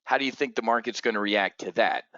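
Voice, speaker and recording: A man's voice: on the low side, fast, fairly bright tone, dry recording, dull audio. Blunt, profane man ranting. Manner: blunt, profane, agitated rants with many restarts. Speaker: trading show host. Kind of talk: unscripted market commentary.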